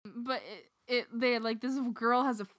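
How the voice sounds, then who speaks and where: Young woman, casual podcast chat, animated, giggly, clear bright voice. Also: a little high, normal speed, slight background noise. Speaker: podcast co-host.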